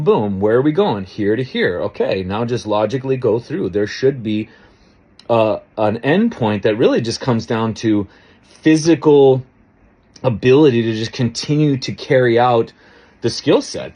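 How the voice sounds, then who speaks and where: A man's voice: medium pitch, darkish tone. A middle-aged man in a casual, rambling monologue, swearing freely as he tells a story and reflects on it. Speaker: coach and podcast host.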